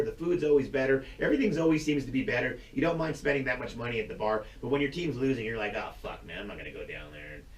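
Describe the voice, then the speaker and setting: A man talks straight to his viewers in a loose, rambling rant, swearing freely and laughing now and then. His voice sits at an ordinary middle pitch. The recording is roomy, and he sounds set back from the microphone. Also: far from the mic. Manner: profane, blunt, rambling, laughs often. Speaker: YouTube channel host. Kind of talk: casual rant to camera. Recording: roomy sound, voice away from the mic.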